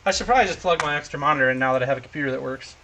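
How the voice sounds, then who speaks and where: A man narrates a tabletop game as game master, talking casually into his home streaming mic. His voice sits a bit high and rings bright. He is chatty and laughs often between monster moves. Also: rapid-fire, slight background noise.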